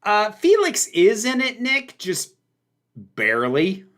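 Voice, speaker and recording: A man's voice: high-pitched, huge pitch swings, slow pace, fairly bright tone. A man hosting a casual livestream, answering viewer questions in an opinionated, emphatic way with lots of fillers.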